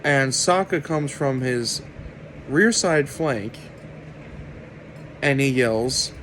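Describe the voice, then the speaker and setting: A man delivering an opinionated commentary rant to his viewers, sarcastic and deliberate. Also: mid-range voice, animated, fairly bright tone, slight background noise, low-quality recording. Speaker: video commentator.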